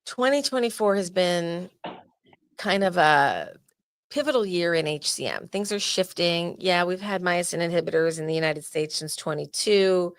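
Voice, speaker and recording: A woman's voice: on the low side, normal speed, no echo, studio quality. A woman with a New Jersey accent hosting a casual podcast interview, chatty and joking with loose asides. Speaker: podcast host.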